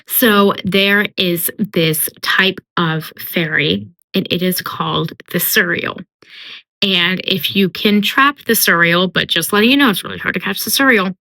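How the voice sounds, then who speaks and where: A woman's voice: fairly low pitch, unhurried, gravelly, sharp tone, low-quality recording. A young woman casually summarizing a book, chatty and full of filler words, slipping into character voices. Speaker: book commentator.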